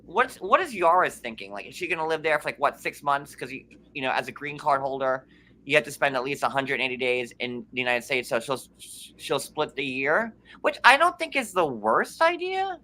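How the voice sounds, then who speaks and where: A man from New York hosts a loose recap chat in a bright, forward voice. He rambles, leans on fillers and jumps up in pitch when he gets going. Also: big pitch swings, normal speed. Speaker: podcast host.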